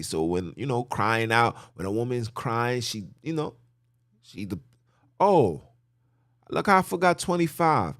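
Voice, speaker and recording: A man's voice: mid-range voice, lively intonation, unhurried, fairly bright tone, no room sound, studio quality. Emphatic man preaching from scripture. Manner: emphatic, repetitive, blunt and informal. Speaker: podcast host teaching scripture. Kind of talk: preaching, reading and explaining scripture.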